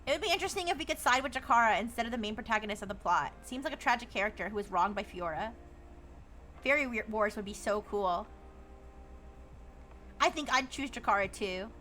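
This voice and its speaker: Giggly high-voiced woman streamer. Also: animated, fairly quick, pauses often, pushed and bright. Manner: giggly, reads chat aloud and riffs on it. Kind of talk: casual live-stream chat.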